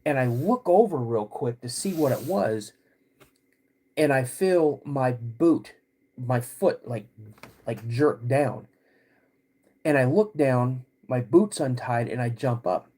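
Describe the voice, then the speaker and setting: Husky male storyteller. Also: medium pitch, lively intonation, dark tone. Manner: halting, vivid retelling with restarts. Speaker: podcast host. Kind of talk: first-person storytelling.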